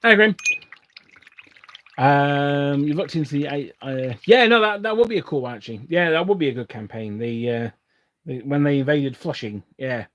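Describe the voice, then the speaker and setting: A man's voice: fairly high pitch, animated, moderate pace, fairly bright tone, no echo, studio quality. A man from England hosting a live stream, chatting casually and rambling with frequent restarts and chuckles while he builds models at his desk. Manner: rambling, self-interrupting, chuckling often.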